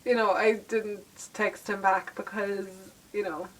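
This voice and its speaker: A woman's voice: mid-range voice, level tone, a little slow, recorded from a distance, low-quality recording. A young Irish woman vlogging, telling a story casually to camera with lots of fillers and laughter.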